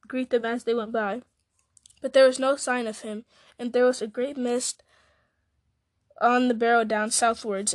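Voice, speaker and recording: Woman reading a novel aloud, fairly high voice, dry close sound, small slips. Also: no echo. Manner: steady, with small slips and restarts. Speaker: audiobook reader.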